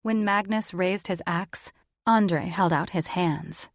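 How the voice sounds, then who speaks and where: A woman narrating an audiobook in a slow, measured way, with a slightly low voice. The recording is dry and close, with no room sound at all. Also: dry recording. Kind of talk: scripted narration.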